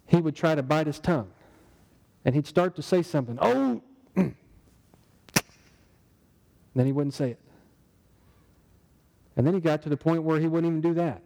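A man's voice: a little high, mellow, in a large hall, rough recording. A man preaching a sermon in a conversational way, asking the congregation rhetorical questions. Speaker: pastor.

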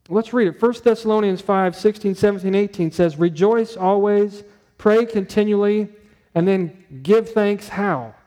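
High, mellow-voiced male preacher in a reverberant hall. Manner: conversational preaching, storytelling with quoted voices. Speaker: pastor. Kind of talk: sermon.

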